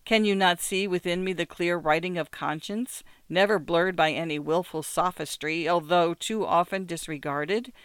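A guilt-ridden murderer pours out his anguish in impassioned pleas, as a male reader puts him on. The voice is smooth and resonant. It is recorded dry and close. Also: high-pitched, steady tone, moderate pace, hardly any pauses, fairly bright tone, no room sound.

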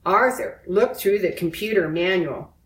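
A woman reading a children's storybook aloud in a slow, clear storytelling manner. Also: on the low side. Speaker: narrator. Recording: roomy echo.

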